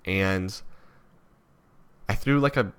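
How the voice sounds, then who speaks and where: Young man, vlogger, from Canada, low-pitched, rambling, self-critical, many restarts. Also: takes it slowly, a bit bright, smooth. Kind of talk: reflective personal vlog.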